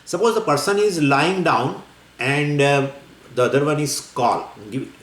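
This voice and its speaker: A man giving a scripture lecture as a spiritual teacher, explaining in a lively, wandering way with many fillers and small laughs. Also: on the high side, measured pace. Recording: echoey room with faint ambience.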